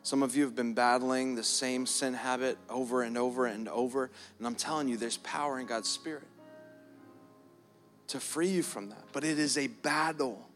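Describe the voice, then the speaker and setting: In a church hall, a pastor delivers a sermon at a normal speed, his medium-pitched voice fairly even in intonation. Earnest in manner, he frequently repeats words and stretches them out for emphasis, with soft keys playing gently behind him.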